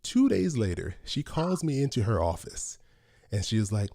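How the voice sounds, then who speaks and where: A man's voice: lowish voice, sing-song, moderate pace, creaky, dark tone, no room sound, clean studio sound. A young adult man co-hosting a podcast, chatting casually and rambling with frequent restarts. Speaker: podcast co-host. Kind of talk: casual chat.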